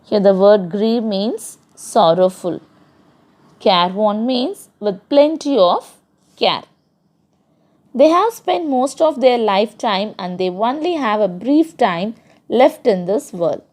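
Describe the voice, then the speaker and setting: A woman's voice: medium pitch, lively intonation, takes it slowly, darkish tone. A woman teacher with an Indian English accent, reading a poem aloud to a class and explaining it line by line, defining the words. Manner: reads verses then paraphrases and defines words.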